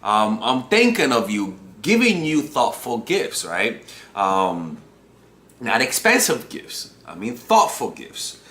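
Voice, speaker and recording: A man's voice: medium pitch, huge pitch swings, slow, a bit bright. A man giving casual dating advice to camera, rambling and profane, with many restarts. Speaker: dating coach. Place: room at home. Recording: echoey room.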